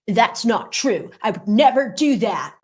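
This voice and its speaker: A woman putting on a high, squeaky mocking voice of a whiny, indignant male prosecutor. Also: animated, unhurried, slightly rough. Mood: whining.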